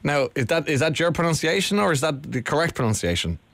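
An Irish man hosts a radio chat, teasing his caller with jokey, playful questions. His voice sits at a middle pitch, and the sound is close and dry. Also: very animated, quick pace, vocal fry, fairly bright tone, no echo. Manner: teasing, joking. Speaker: radio host. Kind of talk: casual chat.

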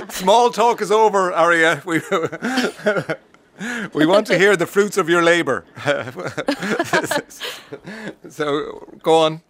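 A man's voice: high-pitched, big pitch swings, extremely slow, pauses often, a bit bright. A man hosting a radio interview. He is jovial and teasing, and he often repeats his phrases. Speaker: radio host.

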